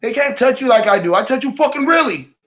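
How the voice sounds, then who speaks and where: A man talking to camera in a rambling, emotional monologue, swearing often and swinging between loud outbursts and low mutters. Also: lively intonation, quick pace. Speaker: vlogger.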